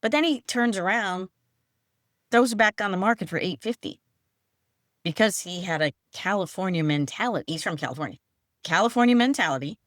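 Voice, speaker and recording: A woman's voice: medium pitch, expressive, fairly quick, dry recording, studio quality. A woman hosting a podcast, asking questions and sharing stories in a chatty, friendly way. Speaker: podcast host. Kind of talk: casual podcast interview. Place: Florida Gulf coast.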